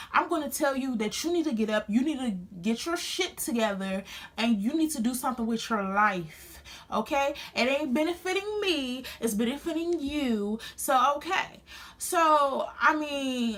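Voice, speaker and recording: A young woman speaks to her phone camera at home, slightly high-pitched, recounting a painful story in an earnest, emotional way. She talks casually, with many restarts. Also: fairly bright tone. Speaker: beauty vlogger. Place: home studio.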